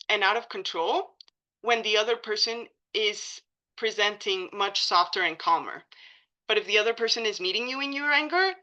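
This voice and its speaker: A woman's voice: medium pitch, sharp tone, dull audio. A woman presenting a training session at a community meeting, speaking casually with frequent fillers and self-corrections. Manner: casual, many likes and ums, self-correcting.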